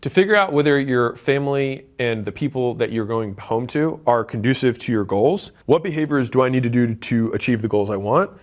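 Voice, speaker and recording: A man's voice: medium pitch, a little fast, few pauses. Blunt, emphatic man giving advice. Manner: blunt and emphatic, swears for emphasis, acts out quoted relatives. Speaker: business creator giving advice. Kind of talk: direct-to-camera advice talk.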